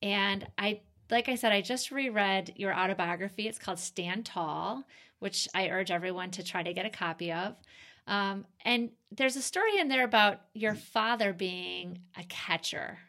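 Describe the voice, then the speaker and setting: A woman interviewing a guest, speaking haltingly with many fillers and restarts. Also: medium pitch, bright, forceful tone. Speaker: interviewer and author. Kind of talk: conversational interview.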